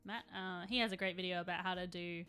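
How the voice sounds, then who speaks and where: A woman's voice: lowish voice, steady tone, fast, pushed and bright, clean tone. A woman in her thirties chatting casually on a live stream, rambling and answering chat while she paints miniatures.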